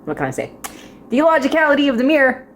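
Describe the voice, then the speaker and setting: Young woman with a high voice, rambling drama reviewer, giggles through her thoughts. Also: big pitch swings, very fast, slight background noise. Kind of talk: casual spoken review.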